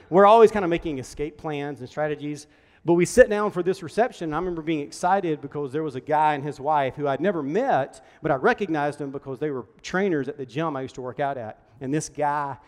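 Earnest pastor preaching in a reverberant hall. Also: male voice, a little high. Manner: storytelling, conversational, earnest. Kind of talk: sermon.

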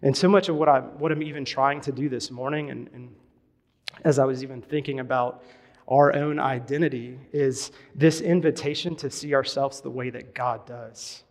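A man's voice: mid-range voice, long reverb tail. A man giving a sermon as a pastor, speaking conversationally with lots of fillers and restarts. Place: church hall.

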